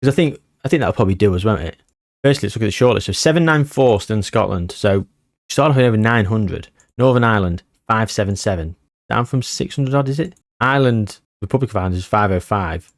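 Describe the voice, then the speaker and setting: A man's voice: on the low side, lively intonation, quick pace, dry recording, clean studio sound. A man casually commenting on his football management game, rambling with puns and self-deprecating jokes. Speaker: gaming YouTuber.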